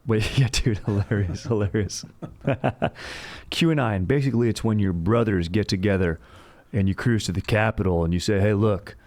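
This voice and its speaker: A man with a somewhat low voice hosts a casual history podcast. He talks like a laid-back bro, rambles into jokey asides and keeps dropping "dude.". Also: normal speed, a little mellow. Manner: slangy bro talk, says "dude" constantly. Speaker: podcast host. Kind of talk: casual comedic history chat.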